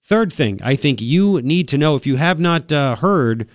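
A man's voice: on the high side, expressive, no room sound. Brash male talk radio host, dry studio. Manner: brash, sarcastic, rapid asides. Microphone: studio microphone.

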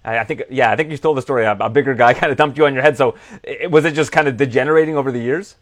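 A man interviewing a fighter, asking brisk conversational questions. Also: mid-range voice, no room sound.

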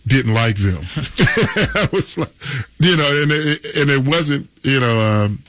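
A man's voice: mid-range voice, animated, slow pace, fairly bright tone, no echo. A man on sports radio telling a locker-room story, laughing often and acting out his teammates' lines. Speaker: radio guest.

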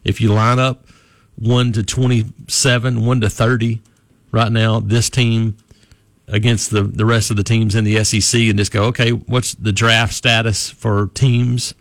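This is casual sports radio analysis: a college sports reporter wanders through a team's season, frequently restarting his thoughts. His voice is lowish, level, and unhurried, captured in a dry recording.

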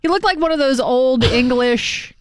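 A woman co-hosting a radio morning show, bantering casually with quick reactions and laughs. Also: sits high, no room sound, clean studio sound. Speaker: radio co-host.

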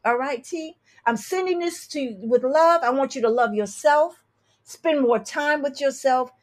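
A woman's voice: high voice, a little slow. A woman astrologer hosting a show, reading listener emails and giving blunt, sassy advice with emphatic repeats. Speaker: astrologer and tarot reader host.

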